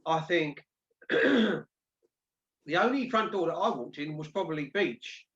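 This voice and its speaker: A man's voice: fairly high pitch, lively intonation, a little slow, a bit bright. A man hosting a casual discussion show, talking conversationally with frequent restarts. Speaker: host. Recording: dull lo-fi audio.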